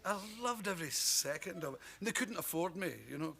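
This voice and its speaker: A Scottish man with a slightly high, very lively voice tells funny touring stories, breaking into laughs and little impressions. The old broadcast recording carries a clear hiss under him. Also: fairly quick. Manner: lively storytelling, mimics people, laughs often. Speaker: comedian guest. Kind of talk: talk show anecdotes. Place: television studio with audience. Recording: noisy 1981 broadcast recording.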